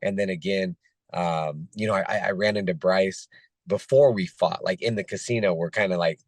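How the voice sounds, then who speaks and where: Guest fighter, late thirties, voice nearly gone and hoarse, deep and halting with many fillers. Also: male voice, dry recording. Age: 30s. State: hoarse, losing his voice. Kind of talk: casual interview chat.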